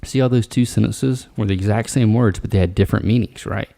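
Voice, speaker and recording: A man's voice: lowish voice, fairly quick, vocal fry, mellow. A man hosting a solo podcast, giving workplace advice in a casual, direct coaching tone. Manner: casual, direct, coaching tone with frequent "all right". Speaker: podcast host.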